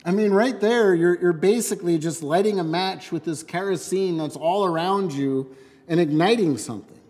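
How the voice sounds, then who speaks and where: A man's voice: sits high, moderate pace, a little mellow, in a large hall. A man teaching from scripture in a conversational, emphatic way, often asking rhetorical questions. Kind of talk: expository Bible teaching.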